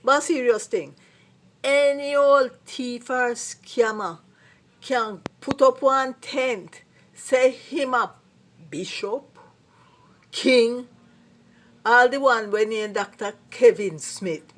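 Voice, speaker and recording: A Jamaican woman with a fairly high voice delivers a casual commentary in Patois. She speaks emphatically and sounds indignant throughout. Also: slow pace, pauses often, a bit bright. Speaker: vlogger commentator.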